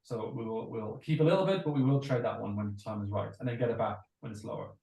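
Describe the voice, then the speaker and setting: A man's voice: lowish voice, quick pace, gravelly, dark tone. Irish male teacher, distant and echoey. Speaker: crypto course teacher.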